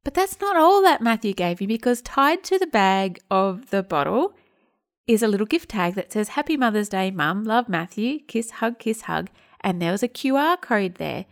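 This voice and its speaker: A woman's voice: medium pitch, expressive, normal speed. A woman in her thirties hosting a podcast, telling a family story in a casual, chatty way and acting out the dialogue. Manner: chatty, acts out quoted dialogue. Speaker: podcast host and home detox teacher.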